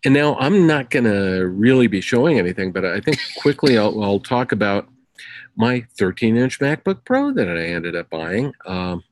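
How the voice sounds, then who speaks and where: Low-voiced American man telling stories. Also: sing-song, moderate pace, dry recording, low-quality recording. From United States. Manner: rambling, filler-heavy storytelling. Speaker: co-host. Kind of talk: casual chat.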